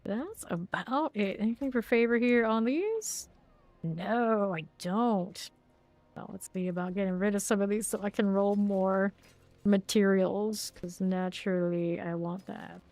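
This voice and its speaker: A woman's voice: medium pitch, measured pace, darkish tone, no echo. A woman streamer chatting casually while playing a game live, rambling and laughing often.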